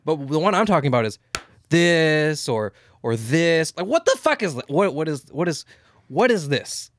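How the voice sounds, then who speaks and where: A man co-hosting a podcast in casual chat, talking fast and stammering, animated and swearing freely. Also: a little high, slight background noise. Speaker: podcast co-host.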